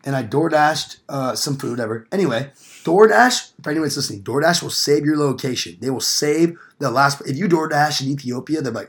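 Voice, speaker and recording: A man's voice: fairly high pitch, animated, brisk. A young man casually telling a rambling, profane story on a podcast, acting out quoted lines. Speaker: podcast co-host.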